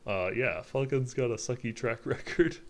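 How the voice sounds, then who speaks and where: A man reading the part of an excitable young male bird assistant to a lawyer in a video game, blunt and teasing. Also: mid-range voice, normal speed, close to an everyday voice. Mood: incredulous.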